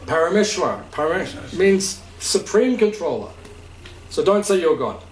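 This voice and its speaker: A man's voice: high-pitched, sing-song, measured pace. A man as spiritual teacher giving an informal talk to a gathering, conversational, checking understanding with questions and laughing easily. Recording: echoey room, distant mic, faint hiss.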